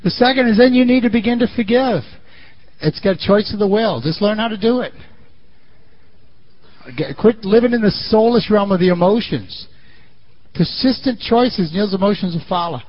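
A man preaching a sermon in an animated way, swinging between loud and quiet, on a muffled lo-fi recording. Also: sits high, normal speed, pauses often.

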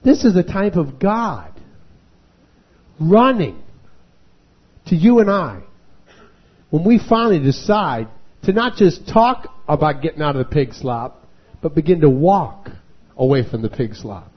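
A man preaching a revival sermon, acting out voices and rising to shouting. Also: a little high, sing-song, unhurried, pauses often, breathy edge, highs cut off. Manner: dramatic, acts out voices and rises to shouting.

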